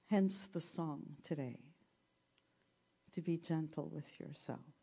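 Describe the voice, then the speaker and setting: A woman giving a gentle, reflective talk and telling a story, with self-deprecating humor. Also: low-pitched, slow, creaky, breathy edge.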